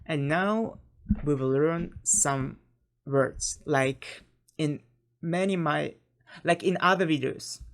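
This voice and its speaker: Low, slow woman teacher with a Ukrainian accent, hesitant and self-correcting. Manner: hesitant, many fillers and self-corrections, light laughs. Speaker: language teacher. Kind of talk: online language lesson.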